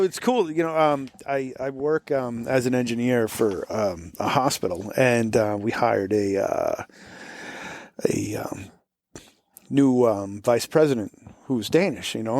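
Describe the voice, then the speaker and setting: Heard in clean studio sound without room echo, a musician guest from Florida talks in a medium-pitched, slightly mellow voice with a faint Boston touch to his American accent. His casual interview chat wanders, full of fillers and false starts.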